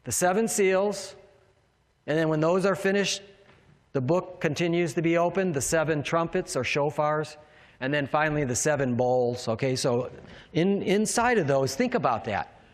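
High-voiced preacher in a reverberant hall. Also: male voice, animated, moderate pace. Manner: emphatic, asks the congregation questions. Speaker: pastor. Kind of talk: sermon.

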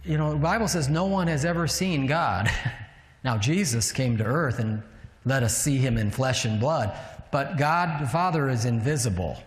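A man's voice: mid-range voice, normal speed. A man preaching a sermon, teaching in a conversational way and putting rhetorical questions to the room. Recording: echoey hall with long reverb.

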